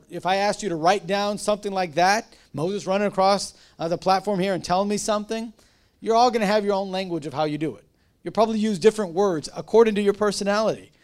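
A man teaches a church class like a relaxed pastor. His voice sits notably high. He talks conversationally, breaks off mid-sentence and tosses questions to the room. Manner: conversational, self-interrupting, asks the room questions. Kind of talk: casual teaching sermon.

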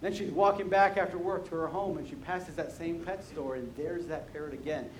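A male preacher delivers an emphatic sermon and slips easily into storytelling, doubling back on words as he goes. His voice is on the high side and rings out in a roomy church hall over a faint rumble. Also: fairly even intonation, a little fast.

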